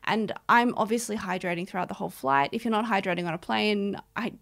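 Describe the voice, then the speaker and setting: A young woman co-hosting a podcast, rambling through a funny story in easy, casual chat. Her voice has a gravelly, fried edge. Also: mid-range voice, fast, fairly bright tone. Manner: chatty, storytelling, joking. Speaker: podcast co-host.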